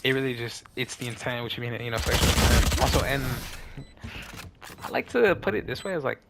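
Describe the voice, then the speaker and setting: A young male streamer rambles in a laid-back way while playing a game, using slang and lots of fillers. His mid-range voice is expressive, brisk, and creaky. The recording is very noisy.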